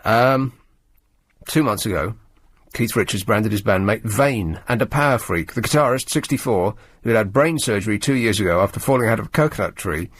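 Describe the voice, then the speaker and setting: A man's voice: on the low side, lively intonation, a little fast, breathy edge. A male radio host from England chatting over the news in a dry, sardonic, rambling way, full of ums and asides. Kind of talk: late-night radio chat and news commentary.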